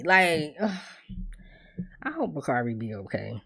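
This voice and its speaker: A woman's voice: medium pitch, expressive, measured pace, a bit bright. A woman hosting a casual TV episode recap, blunt and profane, acting out the characters' lines as she tells the story. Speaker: TV recap host.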